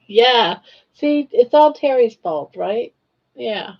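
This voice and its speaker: A woman's voice: a little high, animated, very slow, dull audio. An older woman hosting a casual crochet live stream, chatting, teasing viewers and counting stitches aloud.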